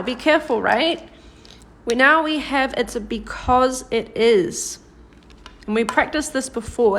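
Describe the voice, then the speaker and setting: This Korean teacher's voice sits a little high as she leads a grammar lesson over a live stream. Patient and supportive, she calls out praise to viewers by name and eases her pace when demonstrating example sentences.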